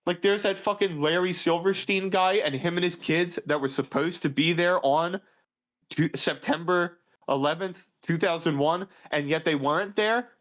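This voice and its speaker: A man co-hosting a casual podcast, ranting crudely and swinging between loud outbursts and low mutters. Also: moderate pace. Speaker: podcast co-host. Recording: muffled lo-fi audio.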